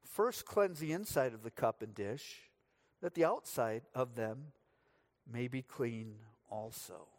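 A man's voice: mid-range voice, slow pace. A middle-aged man from the United States, preaching a sermon as pastor, telling stories with dry humor.

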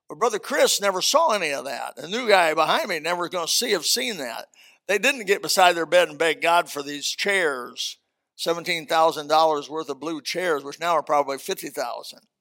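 An older senior pastor preaches a sermon in a church auditorium, folksy and emphatic, with joking asides. His voice sits high with a bright edge and a gravelly rasp.

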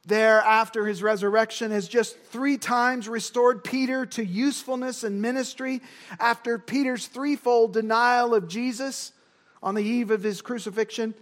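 A man with a strikingly high voice preaches a sermon. He lands his points with emphasis and drives them home by repeating key words. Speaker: pastor. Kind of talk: expository sermon.

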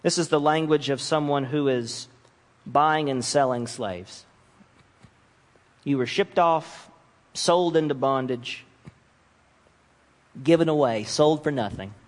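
A man delivers an animated sermon in a slightly higher voice, shifting into the voices he quotes as he preaches. The sound carries a long hall reverb. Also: slow pace, pauses often. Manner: animated, acts out voices of mocking nations and God.

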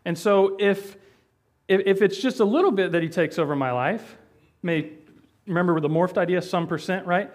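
Man, pastor type, slightly high voice, chatty explanatory Bible teaching, lots of um and restarts. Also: moderate pace. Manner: conversational, explaining with frequent fillers and restarts.

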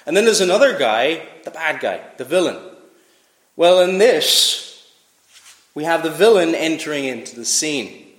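A man's voice: a little high, expressive, brisk, roomy sound. A man preaching a sermon, asking rhetorical questions and reading scripture aloud with emphasis.

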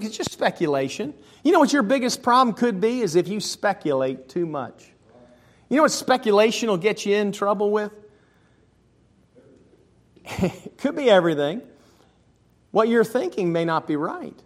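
A man preaching a sermon as a pastor in a church. He shifts between casual asides, personal stories and slower, louder scripture reading. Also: high-pitched. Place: church sanctuary.

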